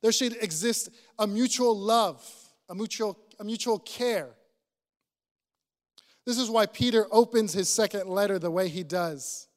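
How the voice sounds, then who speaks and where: A high-pitched man preaches to his congregation in a church. He is earnest and probing, turning questions straight at his listeners. His unhurried sermon rings out with a long reverb from the church hall. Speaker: pastor.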